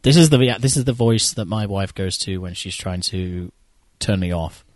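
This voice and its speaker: A man's voice: low voice, normal speed. A man chatting casually while watching a film, joking, swearing and laughing often. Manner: profane, laughs often, jokey. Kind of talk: casual chat.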